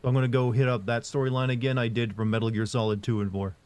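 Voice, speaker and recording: A man talking casually on a livestream, reading and answering chat. His delivery is flat and monotone, at a middle pitch, and he rambles with fillers and restarts. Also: fast talker, clean tone. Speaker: streamer answering live chat.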